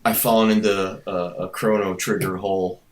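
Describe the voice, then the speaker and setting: A man's voice: low-pitched, level tone, moderate pace, background noise. A man guesting on a podcast, chatting in an easygoing, laid-back way. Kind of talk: casual chat.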